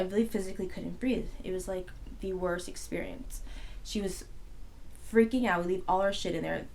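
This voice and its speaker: A woman's voice: on the low side, a little fast, a little hiss or hum. Young woman rambling through a story. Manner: rambling and animated, many "like" fillers. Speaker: podcast co-host. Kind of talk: casual storytelling chat.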